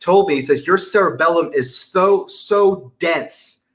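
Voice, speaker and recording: A man's voice: on the high side, unhurried. A young man chatting as a guest in an interview, talking eagerly and rambling a little, laughing easily. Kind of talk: casual interview chat.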